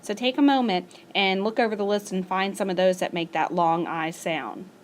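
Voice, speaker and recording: A woman teacher recording a spelling lesson as a voice-over for her class. She talks patiently and slows down to stretch out each example word. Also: medium pitch, a little hiss or hum. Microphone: screencast voice-over.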